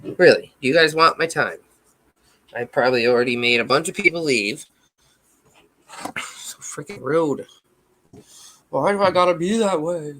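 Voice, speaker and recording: A woman's voice: low voice, normal speed, pauses often, fairly bright tone, low-quality recording. A woman in her thirties chatting casually on a livestream, rambling, reacting to chat and swearing freely.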